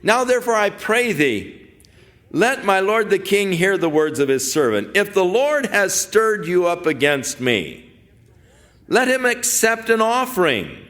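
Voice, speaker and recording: Man reading as a young man calling out high. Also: very animated, a little slow, fairly bright tone, heavily acted. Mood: pleading.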